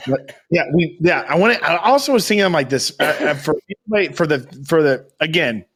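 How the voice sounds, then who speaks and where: Teasing young man, slightly high voice. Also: expressive, a little fast, a bit bright, slightly rough. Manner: loose, jokey, teasing, uses "dude" and "y'all". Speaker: podcast co-host. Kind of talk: casual chat.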